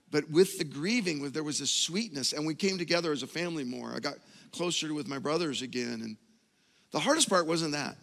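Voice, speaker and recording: A middle-aged male pastor preaching a sermon, telling a personal story with self-mocking humor and building to loud, emphatic peaks. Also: on the high side, creaky, long reverb tail. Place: church auditorium.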